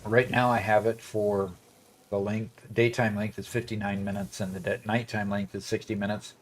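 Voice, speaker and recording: This man talks loosely as he plays on a gameplay stream, wandering off topic and restarting often amid plenty of fillers. He has a lowish voice, a flat delivery and a normal speed.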